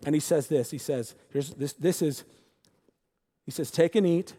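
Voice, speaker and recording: Guy preaching a sermon, talks loose like dude and bro, voice up high, big echoey hall. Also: normal speed, breathy edge. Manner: casual, animated, says dude and bro. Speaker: pastor. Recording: long hall reverb.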